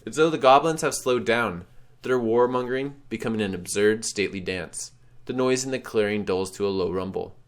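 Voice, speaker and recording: A man's voice: lowish voice, moderate pace. A man reading a text adventure game aloud with drama, calling out his choices. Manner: dramatic, shouts choices out loud. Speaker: game streamer.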